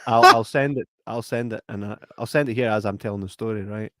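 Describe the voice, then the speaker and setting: A man's voice: brisk, no room sound. A Scottish man co-hosting a podcast, telling a story in casual chat, acting out the other people in it and laughing often. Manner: animated, acts out voices with big pitch jumps, laughs often. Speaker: podcast co-host.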